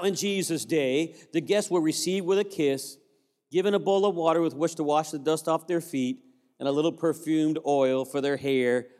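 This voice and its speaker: A male pastor preaching a sermon, telling the story with lively humor and playful asides. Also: a little high. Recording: long hall reverb.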